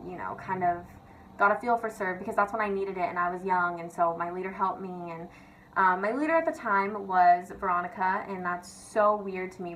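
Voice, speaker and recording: A woman's voice: mid-range voice, a bit bright, a little hiss or hum, low-quality recording. A young woman vlogger rants casually and confessionally, chatty and sweary, leaning on "like" and "literally". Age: young adult.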